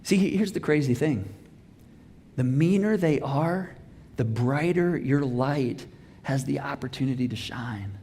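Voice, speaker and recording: A man preaching a sermon as pastor, telling a personal story with lively acted-out dialogue. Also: mid-range voice, measured pace, big-room sound, a little hiss or hum. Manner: animated storytelling, acts out dialogue. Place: church auditorium.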